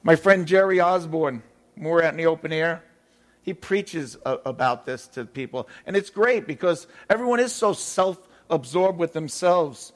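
A man's voice: fairly high pitch, lively intonation, normal speed. A man preaching a sermon in an emphatic way, repeating his key phrases.

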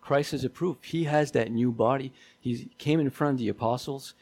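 A man's voice: mid-range voice, normal speed, a little mellow, husky. A man preaching a sermon in a conversational way, often repeating himself and asking his listeners questions.

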